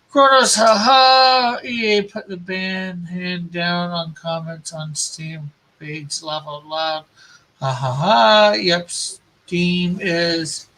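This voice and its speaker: Slow, bright-voiced man chatting on stream. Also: sits high. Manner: relaxed, reads viewer comments aloud, laughs at own jokes. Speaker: comic artist streaming while drawing. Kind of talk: casual live-stream chat.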